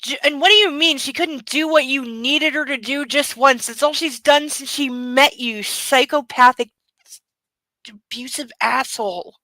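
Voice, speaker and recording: Young woman, book club host, sarcastic commentary, chatty with fillers, bright voice, dry close sound. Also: high-pitched, unhurried, no room sound, rough recording. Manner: chatty, mocking asides, many fillers.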